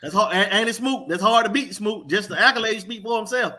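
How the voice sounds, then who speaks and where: A man's voice: high voice, a little fast, sharp tone. A man co-hosting a sports talk show, emphatic and hyped, repeating names for emphasis. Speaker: podcast co-host.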